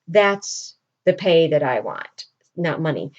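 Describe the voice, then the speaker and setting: A woman's voice: sing-song, slow, heavily acted. Proud defiant poet-swordsman, as a woman quotes him offhandedly, near her own voice, muffled lo-fi. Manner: casual retelling, lightly raised pitch. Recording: dull lo-fi recording.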